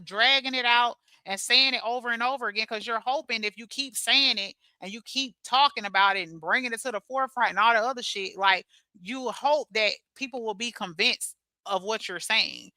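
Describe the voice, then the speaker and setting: A woman hosting a casual livestream, reading chat comments aloud and answering them bluntly, cursing often and laughing loudly at her own jokes. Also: on the high side, normal speed, no room sound.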